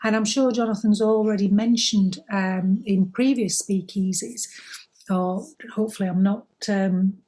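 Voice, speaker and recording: A woman co-hosting a spiritual talk, giving gentle, reassuring advice. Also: medium pitch, fairly even intonation, unhurried. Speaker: spiritual co-host.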